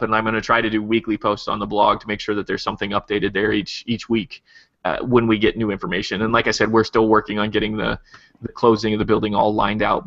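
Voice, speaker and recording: Low-voiced man co-hosting a talk show. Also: a bit bright, no echo, highs cut off. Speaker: co-host, family doctor. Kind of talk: casual chat.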